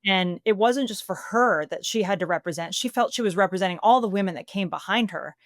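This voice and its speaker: A woman sports broadcaster as an interview guest, animated and emotional, who laughs easily and retells stories. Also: medium pitch, fast, dry recording, studio quality. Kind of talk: conversational interview.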